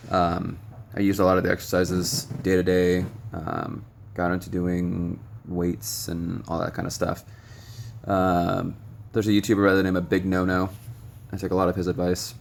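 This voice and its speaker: A man's voice: low-pitched, completely flat delivery, normal speed, vocal fry, slight background noise. A young man vlogging recovery advice in a frank, rambling way with many ums and some blunt swearing. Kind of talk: casual direct-to-camera monologue. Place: noisy room with stray tapping and beeping.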